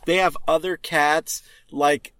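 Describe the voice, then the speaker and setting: A man chatting casually about a film, jumping in with jokes and side remarks. His voice sits slightly high. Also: steady tone, takes it slowly, a bit bright. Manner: chatty, interjecting, joking. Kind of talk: casual chat recapping a movie.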